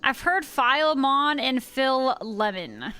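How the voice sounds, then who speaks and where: A woman in her thirties streams a game with a high, bright voice, a bit tipsy and giggly. She talks unhurriedly and playfully to her viewers over faint music. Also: lively intonation, slow pace, clear, resonant tone. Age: 30s. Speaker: livestreamer. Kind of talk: casual gaming livestream chat.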